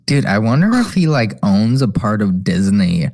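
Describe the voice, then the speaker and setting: A man's voice: fairly low pitch, very animated, moderate pace, gravelly, darkish tone. A man co-hosting a podcast, chatting casually and thinking aloud, full of likes and trailing questions. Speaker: podcast co-host. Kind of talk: casual chat.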